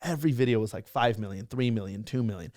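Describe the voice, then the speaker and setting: A man's voice: lowish voice, fast talker, a little mellow, no room sound, clean studio sound. A young man telling stories about his career in a casual interview, full of fillers and restarts. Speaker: guest, social media creator.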